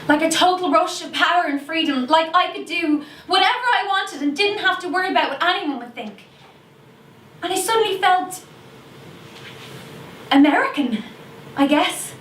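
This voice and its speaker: Woman acting as an Irish teen schoolgirl, high voice, confessional, gossipy asides, roomy echo, noisy call. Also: lightly acted. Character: Irish teenage schoolgirl, sheepish yet defiant. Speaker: stage actor performing a monologue. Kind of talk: theatrical monologue. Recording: echoey room, distant mic, noisy video call.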